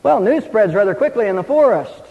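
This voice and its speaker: A man's voice: high voice, lively intonation, fairly quick. A man preaching a sermon, earnest and emphatic, telling a story and quoting scripture. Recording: dull recording, long hall reverb.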